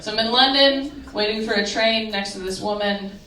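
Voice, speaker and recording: A woman does stand-up in a comedy club, telling wry stories and landing her punchlines. Her voice is medium-pitched at a normal speed, caught by a distant mic in a roomy live venue with loud audience laughter.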